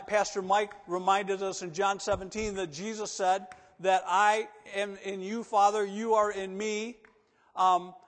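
A man with a high-pitched voice preaches to his congregation in a church sanctuary. He shifts between loud, emphatic declarations and quiet, coaxing asides. A long reverb from the hall trails every phrase. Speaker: pastor. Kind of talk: sermon.

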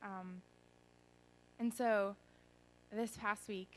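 A woman's voice: medium pitch, fairly even intonation, extremely slow, slight background noise, low-quality recording. A young woman giving an earnest, rambling personal testimony at a church gathering, full of ums and restarts. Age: young adult.

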